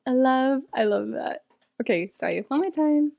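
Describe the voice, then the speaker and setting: A woman chatting excitedly and laughing as she reacts to an album. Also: on the high side, normal speed, creaky, noisy background. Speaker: music reaction streamer. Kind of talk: casual reaction commentary. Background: faint pop music.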